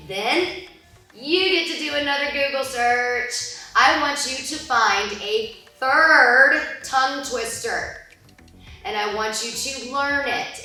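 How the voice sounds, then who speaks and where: A young woman teaching an online musical theater lesson, instructing step by step with careful, drawn-out enunciation. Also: medium pitch, bright, forceful tone. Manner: instructive, slow deliberate enunciation. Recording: echoey room from a distant mic, music behind.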